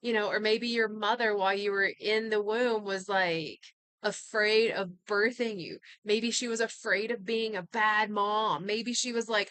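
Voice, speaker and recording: Woman chatting about healing, bright smooth voice, dry close sound, earnest n chatty. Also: a little high, a little slow, no room sound. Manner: earnest, conversational, many asides. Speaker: healing talk host. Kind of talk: casual motivational talk.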